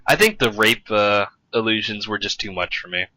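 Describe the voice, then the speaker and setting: A man's voice: lowish voice, moderate pace, bright, forceful tone, dry recording, low-quality recording. A young man co-hosting a podcast, chatting casually about comics with many restarts and fillers. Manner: rambling, restarts a lot, chatty. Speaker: podcast co-host. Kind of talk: casual chat.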